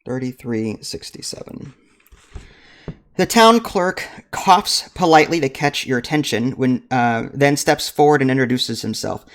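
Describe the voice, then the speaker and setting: Reading the story text aloud during a board game playthrough, this channel host and game master keeps cracking jokes and laughing at them himself. His mid-range voice is a bit bright and unhurried, with lively intonation.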